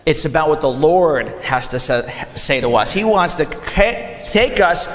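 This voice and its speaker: A young man preaching a sermon, animated, acting out quick quoted asides in a church sanctuary. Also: fairly high pitch. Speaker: pastor. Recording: long hall reverb.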